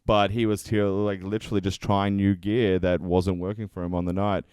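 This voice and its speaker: A man, a stand-up comedian, talks through his craft in a relaxed interview. His voice sits low and comes through clear. He acts out quotes and swears casually, recorded dry and close. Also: normal speed, no room sound. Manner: animated storyteller, acts out quotes.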